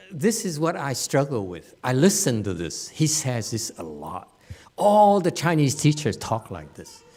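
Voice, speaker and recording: A man's voice: fairly high pitch, a little mellow. A man giving an informal Dharma lecture in a meditation hall, chatty and joking, laughing often and repeating words. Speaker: Buddhist teacher giving a Dharma talk.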